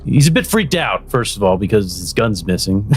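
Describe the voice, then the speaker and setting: A man's voice: fairly low pitch, sing-song, moderate pace, husky, soft background music. A man narrating as game master in a tabletop game, loose and chatty with lots of fillers. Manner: loose, full of fillers like "you know" and "right?".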